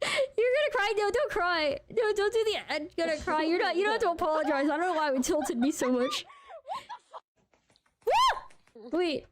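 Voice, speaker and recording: A woman streamer giving casual live reaction commentary, excitable and slangy, laughing and exclaiming often. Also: very high voice, a little fast, few pauses, a crowd in the background. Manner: slangy, says bro.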